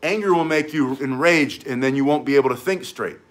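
A man's voice: mid-range voice, a little fast. A man teaching cane self-defense, talking intensely while he demonstrates the moves. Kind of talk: demonstration lesson.

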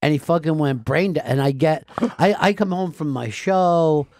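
Profane, animated storyteller, higher male voice. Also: normal speed, no room sound. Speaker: guest, radio host. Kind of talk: casual talk-show storytelling.

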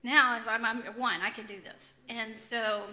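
Woman, ministry speaker; bright, crisp tone, animated storytelling testimony. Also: fairly high pitch, measured pace. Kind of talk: testimony talk to a group.

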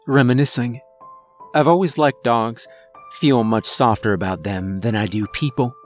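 A man narrating a first-person horror story in a deliberate, measured way. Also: mid-range voice. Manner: slow, deliberate, measured delivery.

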